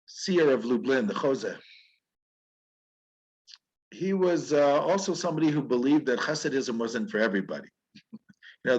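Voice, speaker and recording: A man, a rabbi, teaching through stories in an animated, conversational way that is sprinkled with chuckles. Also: medium pitch, breathy edge, muffled recording. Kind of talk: storytelling lecture.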